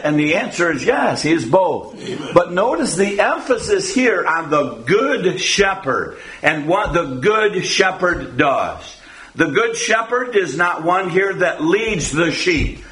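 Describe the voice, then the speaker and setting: A man preaching a sermon as pastor, reading scripture slowly and deliberately, then praying and explaining it with frequent "uh" fillers. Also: fairly high pitch, a bit bright.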